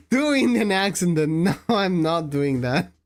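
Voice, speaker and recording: A giggly woman streams and chats casually with her viewers, often breaking into laughter. Her voice sits a little low but swings up and down as she talks. She takes her time, and her phrasing is non-native. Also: big pitch swings, slow pace. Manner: giggly, laughs often while answering chat. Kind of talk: casual live-stream chat.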